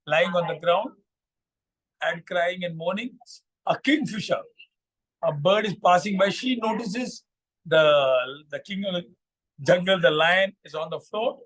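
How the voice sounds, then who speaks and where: A man hosting a morning vlog, narrating a moral fable in a halting way with many fillers and repeats. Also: sits high, fairly bright tone, rough recording. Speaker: vlog storyteller.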